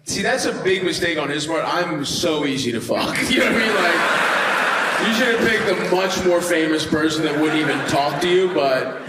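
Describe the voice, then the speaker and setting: A man's voice: a little high, animated, moderate pace. A man doing stand-up crowd work, teasing the audience in a brash, profane way. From United States. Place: comedy club stage with audience. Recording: echoey club with loud crowd noise. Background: audience laughter.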